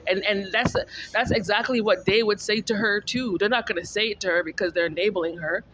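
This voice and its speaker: A woman's voice: mid-range voice, fairly even intonation, fairly quick, a bit bright, a little hiss or hum. A woman venting in a casual vlog monologue, ranting and repeating herself in exasperation. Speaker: vlogger.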